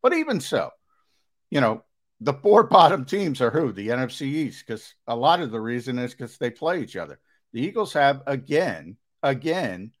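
A man co-hosting sports talk radio, measured and explanatory as he lays out his view for listeners. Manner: measured, explanatory, with fillers and restarts, lively pitch.

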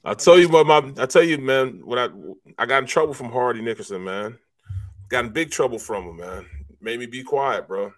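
A middle-aged former football player co-hosting a sports talk show, telling stories in a relaxed way, laughing and saying "man" a lot. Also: medium pitch, brisk. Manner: relaxed, laughing storyteller, says "man" often.

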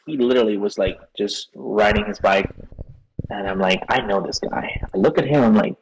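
A man's voice: lowish voice, rough recording. A man, a guest on a podcast, chatting casually and telling a story while acting out the lines he quotes.

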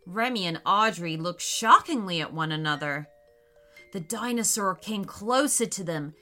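A woman narrating a children's story in a slow, expressive way. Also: on the low side, faint music behind.

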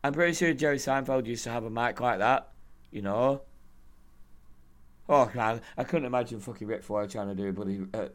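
A hoarse man co-hosting a podcast, rambling, swearing and laughing in casual chat. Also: mid-range voice, moderate pace. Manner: rambling, profane, laughing often. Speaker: podcast co-host.

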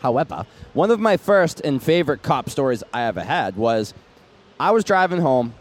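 A man's voice: medium pitch, big pitch swings, moderate pace. A man with a Boston accent co-hosting a podcast, telling combative, profane stories. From Massachusetts. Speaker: podcast co-host. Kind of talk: casual podcast banter.

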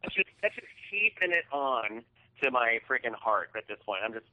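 A man's voice: medium pitch, sing-song, normal speed. Male podcast co-host, casual profane storyteller, tinny phone-quality audio.

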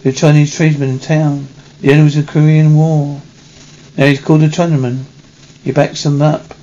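A man reading a film script aloud in a halting way, correcting himself as he goes. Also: fairly high pitch, little pitch movement, mellow, dull audio. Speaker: reader.

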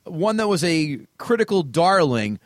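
A man with a Long Island accent trades brash, profane banter as a podcast co-host. His pitch leaps around animatedly, and the recording is dry and close to the mic. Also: big pitch swings, unhurried, dry recording. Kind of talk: casual chat.

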